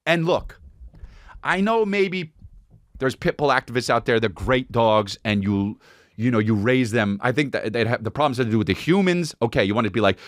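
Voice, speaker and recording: A man hosting a podcast, telling a crude comic story in an animated way and slipping into goofy voices. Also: medium pitch, moderate pace, no room sound, studio quality. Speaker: podcast host. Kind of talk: comedic storytelling monologue.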